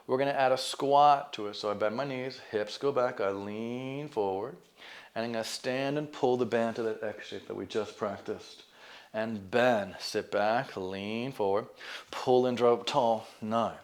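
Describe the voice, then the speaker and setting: A man leading a stretch band exercise class, calmly counting down reps and cueing deep breaths. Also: unhurried. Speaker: fitness instructor. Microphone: camera mic.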